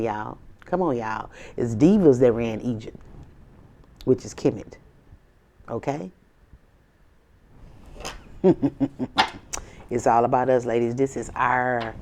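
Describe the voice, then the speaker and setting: A woman's voice: rumbling low, warm tone, slight background noise. A woman tarot reader in a casual spiritual reading to camera, talking in an emphatic, slangy, preachy way with sassy asides.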